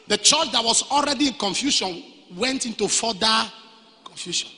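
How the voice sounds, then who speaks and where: A male pastor preaching a sermon, dropping to quiet storytelling and then rising to shouted lines. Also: extremely high pitch, animated, moderate pace. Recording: reverberant hall.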